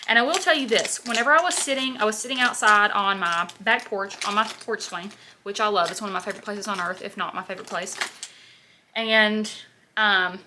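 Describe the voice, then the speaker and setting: Bright-voiced chatty young woman. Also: medium pitch, fairly quick, slight background noise. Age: 20s. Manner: chatty, rambling, filler-heavy with constant "like". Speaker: beauty vlogger. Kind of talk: casual get-ready-with-me chat while doing makeup.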